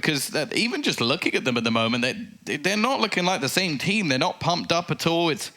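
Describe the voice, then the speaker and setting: A man giving live play-by-play commentary on an esports match, getting excitable on big plays. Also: medium pitch, moderate pace, few pauses.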